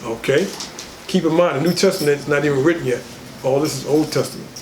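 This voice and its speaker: A man's voice: a little high, quick pace, roomy sound, a little hiss or hum, rough recording. A man who is an elder, leading a Bible study in a casual way, explaining the verses and acting out the scenes.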